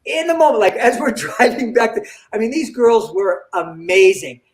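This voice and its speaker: Older guy with a high voice telling a story in an interview, acts out all the lines, echoey room. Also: normal speed. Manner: animated, acts out quoted dialogue. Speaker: comedian guest. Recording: roomy echo.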